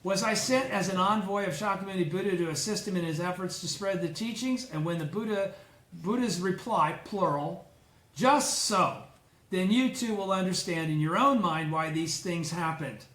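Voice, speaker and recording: A man leading a study group, reading scripture aloud and explaining it with slow, emphatic asides. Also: high voice, fairly bright tone, reverberant.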